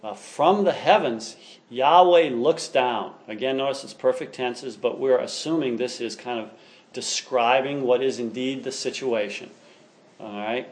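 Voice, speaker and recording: A man's voice: medium pitch, measured pace. Male teacher, classroom lecture, keen and explanatory, reads aloud then unpacks it.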